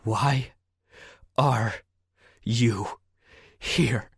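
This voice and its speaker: A man voicing a fierce, grieving teenage girl in an audiobook, raising his voice high for her lines. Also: measured pace, slightly rough, no echo, clean studio sound. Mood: furious. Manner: raised pitch, pleading then shouting.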